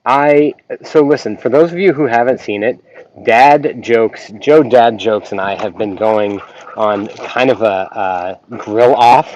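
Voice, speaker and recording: A YouTube reaction channel host rambles through a casual live stream, greeting viewers with plenty of ums. His voice is lowish and darkish, captured in dull lo-fi sound with faint noise.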